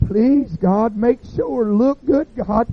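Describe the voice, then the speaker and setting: Preacher doing a scared young guy begging god, high pleading voice, phone-line tinny. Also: slow pace, slightly rough, exaggerated voice. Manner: pleading, voice rising.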